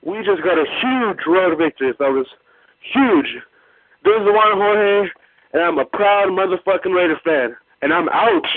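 A man's voice: high-pitched, expressive, normal speed, dry recording. A male caller in a profane, gleeful rant. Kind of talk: recorded fan call-in rant. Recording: tinny phone line.

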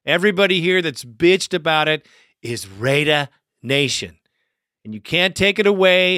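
A man's voice: on the high side, pushed and bright, clear, resonant tone, no room sound, clean studio sound. Fired-up man hosting a fan podcast. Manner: fired-up, swearing, laughing often. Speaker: podcast host. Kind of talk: casual fan podcast talk.

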